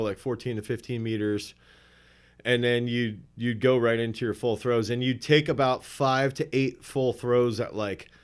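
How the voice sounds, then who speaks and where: Male throws coach, casual interview, animated anecdotal delivery. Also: medium pitch, clean tone. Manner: animated, chuckling anecdotes, many restarts.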